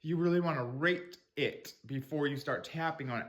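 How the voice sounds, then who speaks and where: A spiritual mindset coach with a fairly high voice and moderate pace guides listeners through a tapping technique in loose, rambling talk. He swears casually and acts out angry self-talk in a raised voice.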